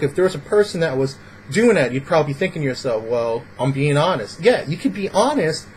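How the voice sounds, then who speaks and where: A man's voice: on the high side, darkish tone, a little hiss or hum, low-quality recording. A man giving casual, rambling advice in a vlog, acting out little example scenes. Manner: rambling, filler-heavy, acts out little scenes. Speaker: vlogger.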